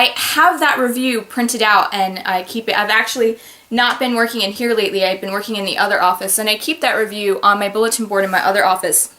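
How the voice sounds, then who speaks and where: A woman author giving advice in a casual, animated talk to her viewers from a home office, breaking into sudden loud exclamations. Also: mid-range voice.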